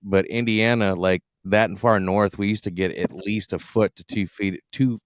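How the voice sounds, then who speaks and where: A man's voice: on the low side, fairly even intonation, normal speed. A man hosting a podcast, joking and teasing his guests in casual chat. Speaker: podcast host.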